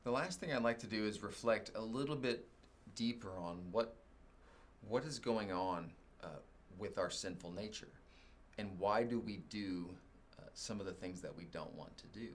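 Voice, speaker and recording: A man with a fairly low, grounded voice delivers a sermon as a story. He is animated, and his voice leaps sharply upward when he is exasperated before settling back down. He sounds middle-aged and folksy. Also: normal speed. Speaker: preacher.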